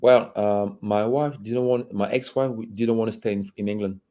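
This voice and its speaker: A man guest in a candid conversational interview, with a low, mellow voice. He talks haltingly, repeats words as he searches for them, and laughs between phrases. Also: fairly even intonation. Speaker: interview guest, former footballer.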